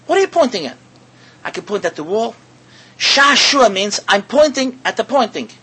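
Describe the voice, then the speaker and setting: A man preaching in a high, bright, slightly husky voice. He swoops up and down in pitch, fires rhetorical questions at his listeners and repeats words as he builds a point. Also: big pitch swings, normal speed, low-quality recording. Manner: mixes in Hebrew and Yiddish words. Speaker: rabbi giving a talk. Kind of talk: sermon to an audience.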